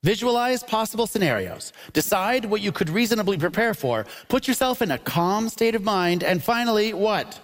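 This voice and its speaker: A man's voice: high voice, expressive, moderate pace, hardly any pauses. A man hosting a comedy panel show on stage, jokey and laughing often. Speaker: game show host. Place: stage before a live audience.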